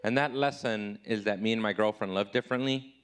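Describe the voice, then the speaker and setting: A man in his thirties performing a live stand-up comedy set, self-deprecating, jumping high and loud when he acts out his own replies. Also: a little fast, smooth.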